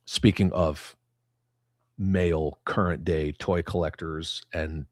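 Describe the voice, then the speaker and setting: A man's voice: sits low, fairly even intonation, slow, no echo, studio quality. A middle-aged man hosting a casual livestream, reading viewer comments and ranting bluntly with lots of profanity. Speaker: livestream host.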